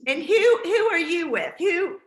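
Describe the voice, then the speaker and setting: A woman's voice: very high-pitched, animated, measured pace, reverberant. A woman hosting a casual team video call, chatty and encouraging with lots of fillers.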